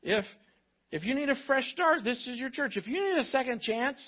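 A man's voice: very high-pitched, animated, fairly quick, dull audio. A man preaching a sermon as pastor, emphatic and repetitive, prompting the congregation to fill in notes. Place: church.

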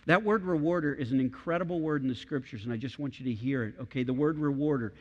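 A man's voice: medium pitch, quick pace, lo-fi sound. A middle-aged man preaching a sermon as pastor, emphatic and repeating key phrases for weight. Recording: long hall reverb.

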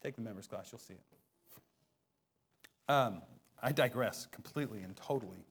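A man in his thirties, a preaching pastor, giving a conversational sermon in church, moving from soft self-deprecating asides to loud, emphatic peaks. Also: fairly low pitch, normal speed, slight background noise. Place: church sanctuary.

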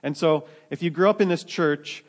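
A man's voice: a little high, moderate pace. A man preaching a sermon to his church in a conversational way, often restarting his sentences and adding joking asides. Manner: conversational, many restarts, self-deprecating asides. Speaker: pastor.

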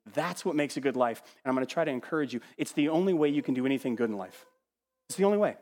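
A man preaching a sermon in an animated, emphatic way, repeating words as he builds a point and dropping to quiet asides. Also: mid-range voice, quick pace, big-room sound. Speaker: pastor.

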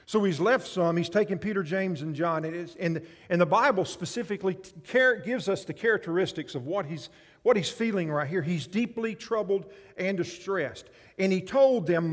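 Male pastor, preaching a sermon, fairly high voice, long hall reverb. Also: moderate pace. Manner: animated preaching, swinging between loud and soft.

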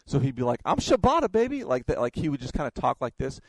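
A man's voice: medium pitch, fairly even intonation, quick pace, vocal fry, a little mellow, no room sound, rough recording. A man preaching a sermon, telling stories and often repeating his words as he goes. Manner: storytelling, stumbles and repeats words. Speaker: pastor.

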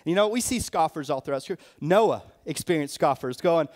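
A man with a high voice preaches a sermon as a church elder. He delivers it expressively, jumping up to mock scoffers and dropping low and quiet to drive a point home. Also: fairly quick, few pauses. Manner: expressive, mocking scoffers in a raised voice, dropping low and soft for emphasis.

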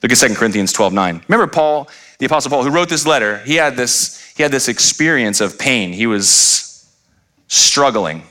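A man's voice: medium pitch, lively intonation, moderate pace, sharp tone. A middle-aged man preaching a sermon as pastor, emphatic and full of rhetorical questions, sometimes acting out voices.

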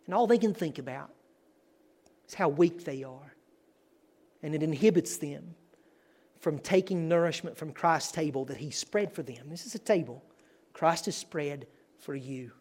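A man's voice: on the high side, a little slow, long pauses, a little mellow, breathy edge. A man preaching as a guest, earnest and building to emphatic declarations. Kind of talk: sermon.

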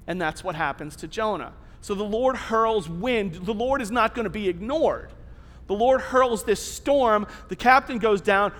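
A man preaching a sermon as a pastor, telling the story in an animated, conversational way. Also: high voice, normal speed, long reverb tail.

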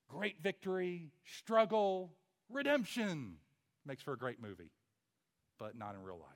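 Preaching with emphasis, this male pastor speaks at a medium pitch. He asks rhetorical questions and moves from booming delivery to near-whispers.

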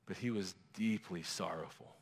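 A man preaching a sermon as a pastor, animated and acting out quoted voices. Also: sits low, moderate pace, gravelly. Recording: long reverb of a large hall.

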